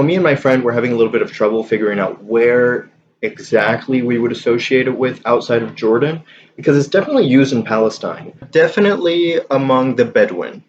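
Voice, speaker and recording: A man's voice: medium pitch, a little hiss or hum. Man explaining dialect sounds casually, slightly muffled. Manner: conversational, hedging, gives spoken examples. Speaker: Arabic dialect teacher. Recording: slightly dull lo-fi audio.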